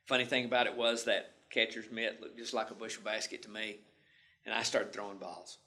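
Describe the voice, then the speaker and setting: A man's voice: fairly low pitch, flat delivery, a little fast, sharp tone. A male instructor telling a story in a folksy, homespun way during a lecture.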